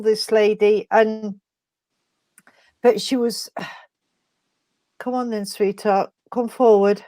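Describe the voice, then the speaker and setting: A woman giving an emotional mediumship reading, speaking in a halting, tender way and calling the listener sweetheart. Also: medium pitch, a little mellow, dry recording. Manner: halting, tender, full of endearments. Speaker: spiritualist medium.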